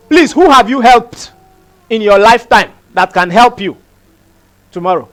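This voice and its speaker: A man's voice: very high voice, expressive, measured pace, long pauses, fairly bright tone. A man preaches a sermon. He talks emphatically, repeats his phrases and keeps putting rhetorical questions to the congregation. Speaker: pastor.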